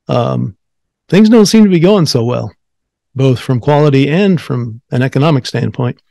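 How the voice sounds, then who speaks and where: A man's voice: mid-range voice, darkish tone, no room sound. A man hosting an interview podcast in an upbeat, friendly way, with frequent fillers. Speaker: podcast host.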